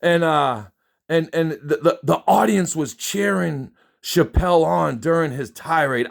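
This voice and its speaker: A man's voice: fairly high pitch, unhurried, creaky. Man, casual rant, emphatic, swears a lot, dismissive, stumbles and restarts. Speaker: concertgoer recounting a show.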